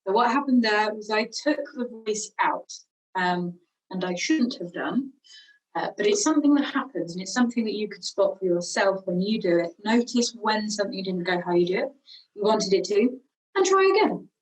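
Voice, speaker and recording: A woman teaching singing, calmly guiding a vocal warm-up with slow, encouraging cues. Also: medium pitch, recorded from a distance, low-quality recording. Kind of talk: guided vocal warm-up lesson.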